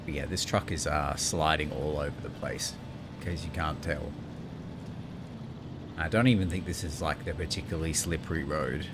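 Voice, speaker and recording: Deep-voiced joking man streaming. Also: steady tone, moderate pace, noisy background. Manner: joking, rambling. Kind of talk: casual gaming commentary.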